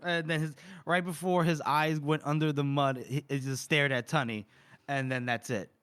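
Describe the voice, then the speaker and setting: A man co-hosting a podcast, recapping a book chapter in a casual, chatty way. He laughs often and jumps into quick raised voices for the characters. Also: fairly high pitch, steady tone, a bit bright, clean tone. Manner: laughs often while retelling scenes. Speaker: podcast co-host.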